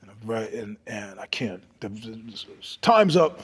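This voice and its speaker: In no hurry, an older New York man tells profane stories as a guest during a laid-back interview. His voice is husky with a hint of breathiness, swinging from loud, animated bursts down to low, hushed asides, and the room carries a long reverb.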